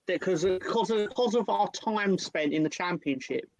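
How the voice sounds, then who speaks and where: A man's voice: high voice, moderate pace, a little hiss or hum, rough recording. A man giving football predictions in casual chat, hesitant and blunt, with swearing. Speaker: co-host pundit.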